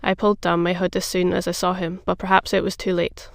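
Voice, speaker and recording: A narrator voicing a frightened young chambermaid. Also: female voice, fairly low pitch, completely flat delivery, fast talker, gravelly, no room sound, clean studio sound. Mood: pleading. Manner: pleading.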